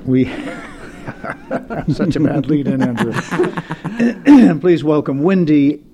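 A man's voice: a little high, lively intonation, drawn-out words, crowd noise. Playful male radio co-host. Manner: playful, jokey. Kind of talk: casual studio chat. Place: radio studio.

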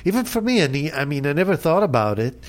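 A man hosting a casual chat, relaxed, laughing often and leaning on "you know" as he talks. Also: fairly high pitch, quick pace.

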